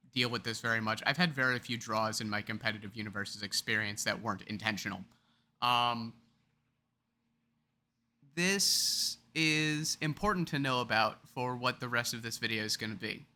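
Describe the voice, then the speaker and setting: A man's voice: medium pitch, sharp tone. A man explaining a card game topic in a chatty, rambling, self-deprecating way, now and then acting out scenarios. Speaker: card game video creator.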